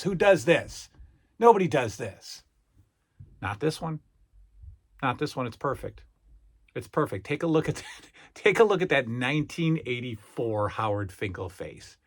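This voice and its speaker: A middle-aged man with a medium-pitched, fairly bright voice hosts a toy collector review vlog. He talks to his viewers with emphatic, salesman-like patter and keeps repeating phrases.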